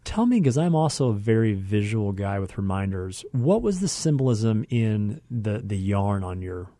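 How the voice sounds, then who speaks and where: Male podcast host, very low voice, affirming and reflective, dry close sound. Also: sing-song, moderate pace, dark tone, no room sound. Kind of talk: faith podcast interview.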